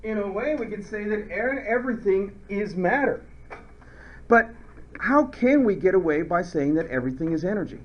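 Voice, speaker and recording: Lively, playful male chemistry teacher. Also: high voice, normal speed, dull audio, slight background noise. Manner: playful, joking, acts out little skits. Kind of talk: recorded classroom lecture.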